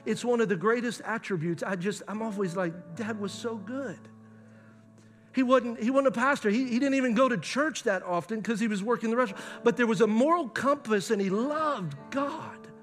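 A man's voice: sits high, a bit bright. A middle-aged man preaching a sermon as pastor, impassioned and emotional, restarting his sentences.

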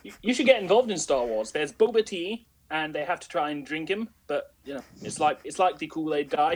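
A man co-hosting a casual podcast chat, joking and animated. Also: on the high side, fairly quick, hardly any pauses, background noise. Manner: jokey, animated, playful voices. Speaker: podcast co-host.

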